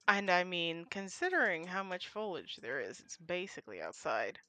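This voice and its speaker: A woman's voice: on the low side, sing-song, normal speed, bright, forceful tone, no room sound, soft background music. A woman streaming a game, muttering reactions to herself into a close mic.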